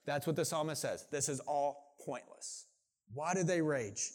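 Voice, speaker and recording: A middle-aged pastor preaching a sermon in a conversational way, often saying "like" and restarting sentences. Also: male voice, fairly high pitch, a little slow.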